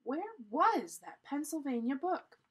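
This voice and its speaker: A woman's voice: sits high, very animated, slow pace, pitched above the performer's own voice, heavily acted. Woman voicing worried young boy Jack. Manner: anxious and fretful. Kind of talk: storybook read-aloud.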